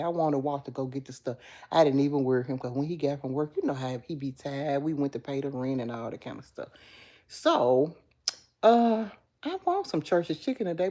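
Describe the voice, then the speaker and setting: Chatty woman with a low, mellow voice. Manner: chatty, affectionate, answers viewer comments. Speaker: livestream host. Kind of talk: casual live chat with viewers.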